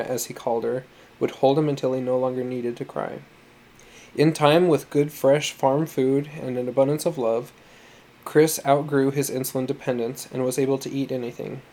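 A man narrating a story in a steady, earnest reading voice. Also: mid-range voice. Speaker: audiobook narrator.

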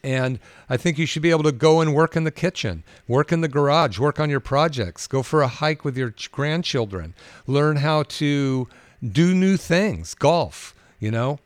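Sharing patient stories on a podcast, a man who works as a doctor chats in a relaxed, anecdotal manner, packed with fillers and restarts. The recording is dry, and his voice sits on the high side with lively intonation at a moderate pace.

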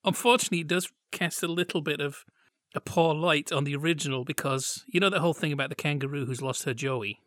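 Brief: male podcast co-host, chatty and jokey, slightly high voice, dry close sound. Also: fast talker, a bit bright, dry recording. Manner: chatty, jokey, acts out quotes. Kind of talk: casual chat reviewing old TV.

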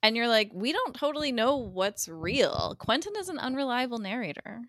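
A bright-voiced woman tells the story of a TV episode in casual podcast chat, slipping into the characters' lines with quick shifts of voice. She is recorded close on a dry mic with no room sound. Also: on the high side, very animated, no echo. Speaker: guest co-host recapping a TV episode.

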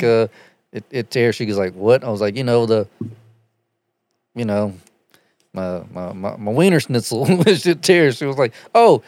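A man's voice: mid-range voice, a little mellow, no echo. A man hosting a podcast, telling crude stories with lots of swearing and laughter. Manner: profane, laughing storyteller. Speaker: podcast host. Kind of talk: casual crude podcast banter.

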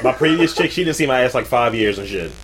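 A man's voice: medium pitch, animated, fast, a crowd in the background. A man co-hosting a podcast in crude, rambling, joking casual chat. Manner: rambling, profane, jokey. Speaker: co-host.

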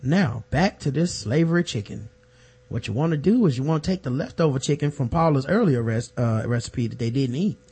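A man's voice: mid-range voice, animated, brisk, a little mellow, breathy edge. A man doing an eager cooking-show host. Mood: mock-cheerful. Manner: mock-cheerful TV presenter patter.

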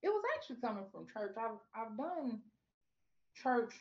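A woman talks through her faith story as a guest on a podcast. She gets animated and swings up high whenever she plays out her own prayers and replies. The recording sounds a bit dull and lo-fi. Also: normal speed. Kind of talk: casual faith interview.

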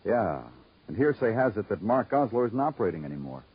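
An actor playing a tired, hard-boiled police detective in a 1950s radio drama, terse and dry. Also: male voice, lowish voice, sing-song, brisk, breathy edge, full character voice. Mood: weary, dry. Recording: dull old radio broadcast recording with music.

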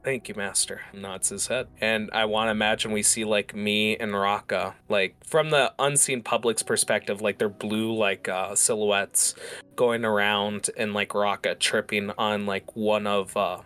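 A man's voice: fairly low pitch, level tone, measured pace, a bit bright, clear, resonant tone. A man narrating a tabletop role-playing game as game master, describing scenes in a loose, rambling way full of fillers.

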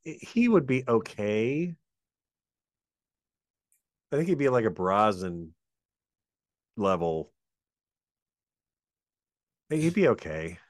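Easygoing low-voiced man, casual chat. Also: big pitch swings, slow pace, long pauses, no echo, studio quality. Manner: easygoing, hesitant, with many fillers.

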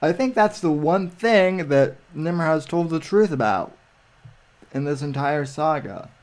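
A man chatting casually on a livestream, rambling with frequent restarts and halting phrases. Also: a little high, animated, darkish tone. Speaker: livestream guest. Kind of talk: casual chat.

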